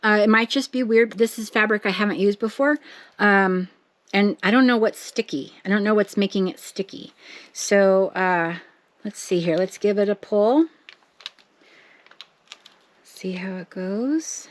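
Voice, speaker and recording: A woman narrates her crafting in a casual, thinking-out-loud way, talking straight to her viewers. Her voice sits at an average pitch. Now and then she breaks into excited bursts. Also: measured pace, pauses often, no room sound. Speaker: craft vlogger.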